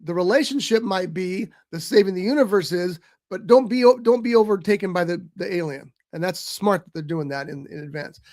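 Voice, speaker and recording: Male co-host, high voice, chatty and exasperated, casual stream talk. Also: lively intonation, fairly quick, hardly any pauses, a little mellow. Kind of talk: casual movie chat. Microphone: streaming mic.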